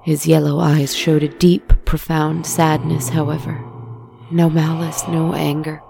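A woman narrating a story in a soft, deliberate way. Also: sits low, flat delivery, creaky, background noise.

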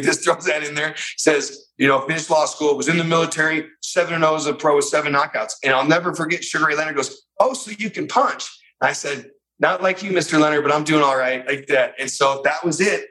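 A middle-aged man spins a long anecdote in a relaxed interview, talking in quick bursts with plenty of fillers. His voice is bright and forward, at an ordinary pitch for a man. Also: rough recording. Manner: animated, fast-paced anecdote with many fillers. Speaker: guest. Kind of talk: storytelling in a casual interview.

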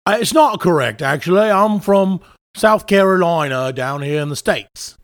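A man playing a guest from the American South whose put-on British accent keeps slipping, his voice swinging between high and low. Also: animated, normal speed.

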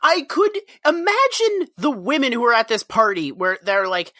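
A woman with a bright, lively voice recorded dry and close. She riffs in casual podcast chat with profane, disgusted commentary. Her pitch rises and falls expressively. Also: measured pace, pauses often, no room sound. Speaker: podcast co-host. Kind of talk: casual comedic recap chat.

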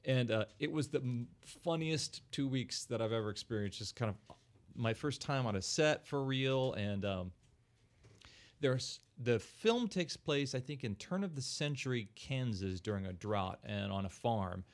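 A man's voice: medium pitch, lively intonation, measured pace. Middle-aged male podcast host, chatty storyteller, loose and amused. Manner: anecdotal storyteller, laughs while talking. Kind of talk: casual chat.

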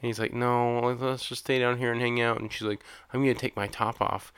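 A man co-hosting a casual movie-recap podcast, incredulous and animated, swearing and acting out characters' lines. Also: medium pitch, fairly quick, clean tone, dry recording. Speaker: podcast co-host.

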